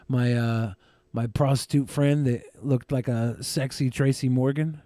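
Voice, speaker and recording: A man's voice: mid-range voice, steady tone, unhurried, dark tone, dry recording, studio quality. A man co-hosting a podcast, talking in crude, mocking casual banter. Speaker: podcast co-host.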